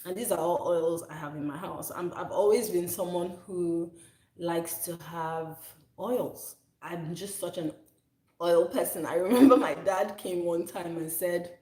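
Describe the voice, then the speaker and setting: A woman's voice: on the low side, a little slow, mellow. A woman in her thirties, a soap maker talking casually in a rambling, self-correcting way. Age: 30s. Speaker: soap maker, channel host. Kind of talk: casual chat. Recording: echoey room.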